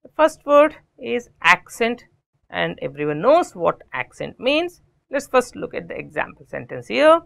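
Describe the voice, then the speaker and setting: A woman with an Indian English accent teaches a vocabulary lesson, walking through synonyms and memory tricks for each word. Her pitch rises and falls in lively swings. A gravelly fry shows at the bottom of her voice. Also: measured pace. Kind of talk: explanatory lesson.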